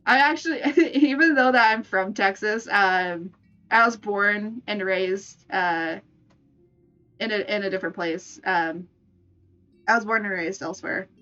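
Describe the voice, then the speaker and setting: A woman's voice: mid-range voice, unhurried, bright, forceful tone, lo-fi sound, faint music behind. A woman streamer in playful, casual live-stream chat, laughing often. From United States.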